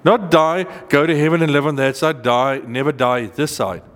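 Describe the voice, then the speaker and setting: A man preaching a sermon, reading old-style scripture verses slowly and stressing key words with rising pitch. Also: a bit bright, in a large hall. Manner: earnest, emphatic, rises in pitch on key points, slows to read verses.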